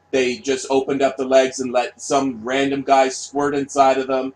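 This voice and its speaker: Speaking in a level, medium-pitched voice at an unhurried pace, a male vlogger delivers a blunt monologue on poor audio. He curses freely, goes over the same points, and regularly tosses in "right?"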